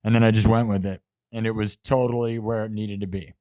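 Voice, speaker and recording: Talking fairly quickly with a flat delivery, this man has a fairly low voice and hosts a live music stream. He addresses the chat in a boastful, defensive manner, and the dry recording has its highs cut off.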